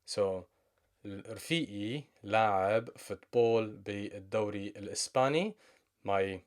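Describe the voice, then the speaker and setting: Lower-voiced man teaching Arabic. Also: a little mellow. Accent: Levantine Arabic. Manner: explains slowly, switching between English and Arabic examples. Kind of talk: language lesson.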